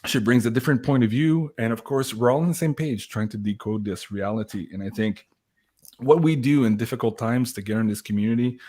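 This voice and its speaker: A man hosting a livestream, speaking with emotion and gratitude and pausing often with fillers. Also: mid-range voice, darkish tone. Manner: emotional, grateful, halting with many uh fillers. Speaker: host. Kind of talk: livestream talk.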